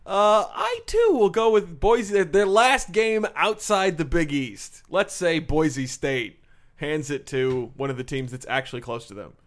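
A man's voice: a little high, expressive, measured pace. A young man co-hosting a comedy sports podcast, dropping wry, mock-formal remarks. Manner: wry, mock-formal quips, frequent laughter. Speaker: podcast co-host. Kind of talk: casual comedic sports chat.

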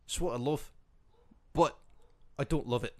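A man voicing a self-serious male wrestler who talks bluntly, swears and repeats a catchphrase in a shouty deadpan. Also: mid-range voice, a little slow, pitched below the performer's own voice, lightly acted.

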